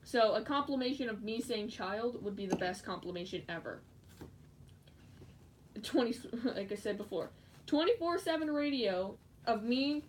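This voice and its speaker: A woman chatting casually while she crafts, giggling often and breaking into excited squeals. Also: fairly high pitch. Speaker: fursuit maker streaming live. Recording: distant mic with faint background noise.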